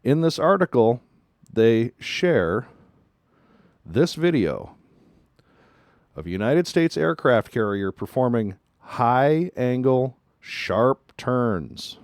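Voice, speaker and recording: A man's voice: medium pitch, very animated, takes it slowly, no echo, clean studio sound. A man hosting a news commentary show. He talks emphatically and repeats his points for stress. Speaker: show host.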